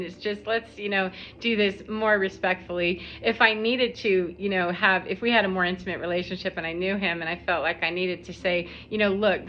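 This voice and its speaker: A woman's voice: mid-range voice, pushed and bright, a little hiss or hum. A woman talking casually to camera about spiritual life and her encounters with people, rambling and reflective, laughing often as she goes. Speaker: spiritual vlogger. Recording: slightly dull lo-fi audio.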